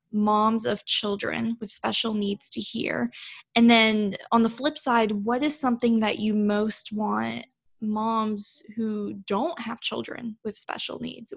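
Woman host, gentle questions, slow pace, gravelly fry, slightly high pitch. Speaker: podcast host. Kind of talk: interview questions.

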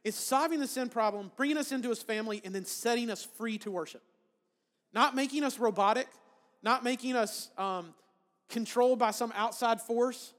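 A man delivers a sermon in a relaxed, conversational preaching style. He often restarts phrases and checks in with his listeners. His voice sits high, and a long hall reverb trails after each phrase. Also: moderate pace. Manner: conversational preaching with frequent "right?" asides and restarts. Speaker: pastor.

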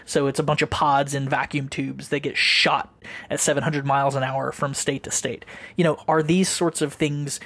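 A man's voice: medium pitch, little pitch movement, moderate pace, creaky, a bit bright, no room sound. A man co-hosting a podcast in casual chat, rambling, musing and swearing freely. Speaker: podcast co-host.

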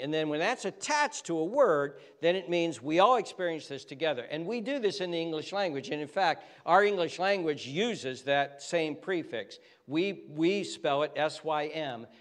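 A man preaching a sermon as pastor, explaining words by spelling them out letter by letter and building up to fervent emphasis. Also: a little high. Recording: reverberant hall.

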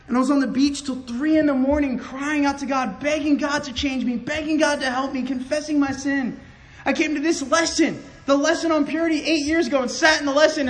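A young man giving an impassioned sermon testimony, stammering over restarts and swinging from loud outbursts to hushed confession. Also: extremely high pitch, low-quality recording. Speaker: preacher.

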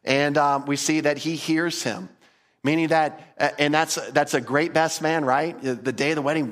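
A man teaching a Bible passage in a lively, conversational way, often repeating words and putting questions to his listeners. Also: fairly high pitch, moderate pace. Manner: animated, enthusiastic, repeats words, asks the audience questions.

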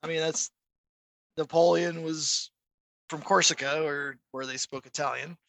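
A man's voice: on the high side, measured pace, gravelly, no room sound, poor audio. A middle-aged man co-hosting a podcast in casual chat, telling stories and acting out quoted voices. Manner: animated storyteller, acts out quoted voices. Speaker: podcast co-host.

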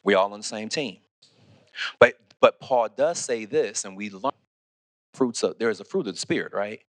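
A man preaching a sermon as pastor, animated, often restarting and asking "okay?". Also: lowish voice, normal speed, no echo. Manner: animated, repeats words, asks "okay?" often.

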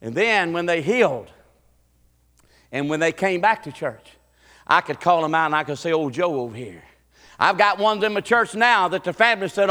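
A man preaching a folksy sermon as pastor, building into excited preaching and acting out voices. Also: fairly high pitch, normal speed, in a large hall. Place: church sanctuary.

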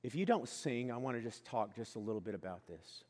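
A man preaching a sermon as pastor, earnest and conversational, dropping to soft asides and then rising to loud emphatic lines. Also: mid-range voice, lively intonation, brisk. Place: church sanctuary. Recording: long reverb of a church hall.

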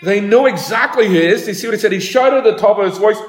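A man's voice: sits high, fast talker. A man preaching a sermon as pastor, talking in a conversational way and telling homely stories. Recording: echoey room.

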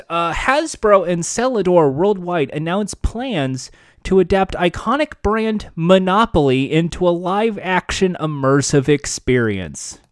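A sarcastic man rambles through the news in a fairly high voice, swearing freely as he riffs. The sound is dry and close, with no room around it. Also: smooth, no room sound. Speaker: podcast host. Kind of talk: casual commentary reading news.

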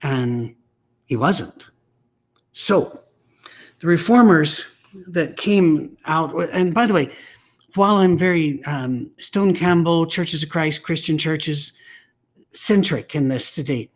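A man's voice: on the high side, takes it slowly, pauses often. A man giving a weekly preaching message, telling stories in a blunt, emphatic, conversational way. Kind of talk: weekly message on church teaching.

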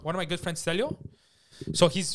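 A man, co-hosting a casual podcast, excitable and profane. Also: high voice, fast, crowd noise. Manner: excitable, profane, laughs often.

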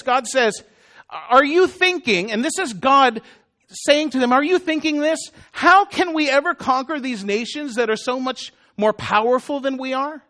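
A man's voice: very high-pitched, pushed and bright. A man preaching a sermon in a conversational way, with self-deprecating jokes and asides to the congregation. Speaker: pastor.

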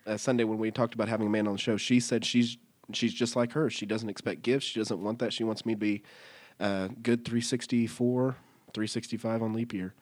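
A man's voice: fairly low pitch, fairly quick. A man in his thirties co-hosting a podcast, telling stories in a casual chat, acting out voices and laughing often. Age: 30s. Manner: animated storyteller, acts out voices, laughs often. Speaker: podcast co-host.

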